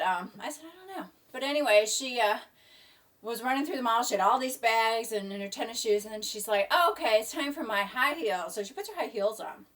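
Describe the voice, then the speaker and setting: A woman's voice: medium pitch, fairly bright tone, far from the mic. A middle-aged woman talks in a loose, rambling way from her home kitchen. Her voice sits a little back from the mic and keeps drifting into asides and half-finished thoughts. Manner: rambling, chatty, trails off. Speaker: vlogger. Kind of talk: casual chat.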